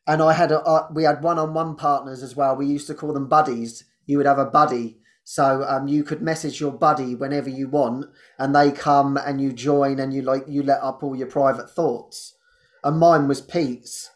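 A man, hosting and telling a personal testimony in an animated way, laughing often and restarting his sentences. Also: on the high side. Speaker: host.

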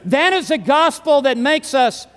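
A man preaching a sermon at a large conference, emphatic and building to forceful declarations. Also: very high voice, expressive, unhurried, in a large hall.

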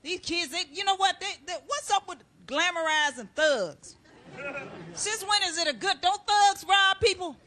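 A middle-aged woman doing a loud, brash stand-up comedy routine, shouting out to a live audience. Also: very high-pitched, animated, moderate pace, soft background music, a faint crowd. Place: stage before a live studio audience.

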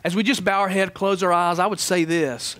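A man preaching a sermon as pastor, animated in his stories and dropping soft and low for prayer. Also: brisk, no echo. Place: church sanctuary.

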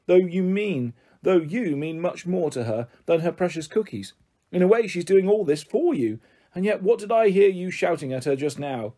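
A man's voice: high voice, lively intonation, normal speed, warm tone. A man reading the part of a kind, patient older man who talks in a coaxing, reassuring way. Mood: persuasive. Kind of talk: audiobook character voice.

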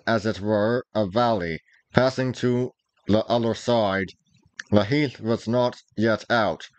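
A man narrating an old adventure novel, reading in a measured, deliberate manner. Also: medium pitch, dry recording, rough recording. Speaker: reader, narrator. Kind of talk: storybook narration.

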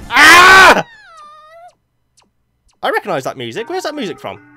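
A man giving jokey let's play commentary as a gaming YouTuber, getting excitable and yelping at close calls. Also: high-pitched, racing, faint music behind. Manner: excitable, jokey, yelps at near misses.

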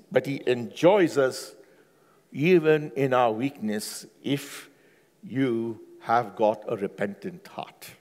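A man preaching a sermon with passion, swinging from hushed, low pleading to loud, high exclamations. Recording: long hall reverb.

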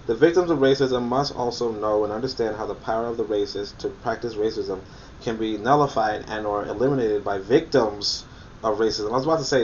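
A man's voice: fairly low pitch, recorded from a distance, lo-fi sound, noisy background. A man reading a book aloud and commenting on it critically, emphatic and incredulous, often repeating his points for emphasis. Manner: incredulous and scoffing.

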